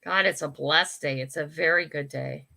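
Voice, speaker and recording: An older woman hosts a casual live chat, answering comments as they come in. Her voice sits a little low but sounds bright and forceful, and she talks frankly, laughs easily, and keeps saying sorry. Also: moderate pace, creaky. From United States. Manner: chatty, frank, laughs often, apologizes and restarts. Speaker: livestream host.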